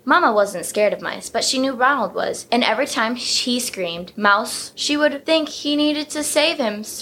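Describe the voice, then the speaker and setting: A woman host reading a children's story aloud with expressive, playful storytelling. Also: fairly high pitch. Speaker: storybook reader and podcast host.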